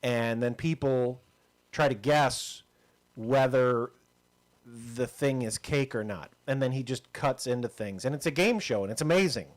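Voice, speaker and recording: A man's voice: mid-range voice, a little slow. A man co-hosting a podcast, chatting casually and telling an everyday story with laughing asides. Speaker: podcast co-host. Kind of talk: casual chat.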